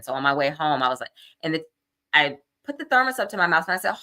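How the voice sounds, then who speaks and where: Middle-aged woman guest, bright and lively storyteller, plays every line of her inner dialogue. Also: deep voice, fast. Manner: animated, acts out her own quoted thoughts. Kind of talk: casual anecdote telling.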